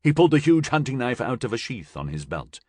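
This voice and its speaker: A male audiobook narrator reading a science fiction story with an expressive, lively voice that rises and falls freely. His pitch sits in the middle, and the recording is close and completely dry. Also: quick pace, dry recording. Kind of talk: scripted narration.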